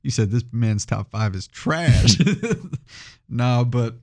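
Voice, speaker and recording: A man's voice: mid-range voice, animated, slow. A man co-hosting a casual podcast, easygoing and joking in everyday slang. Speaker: podcast co-host.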